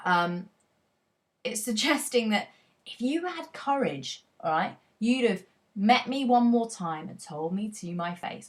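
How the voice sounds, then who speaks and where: Woman teaching a poem, average pitch, emphatic, reads the quotes out all dramatic. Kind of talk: poetry analysis lesson.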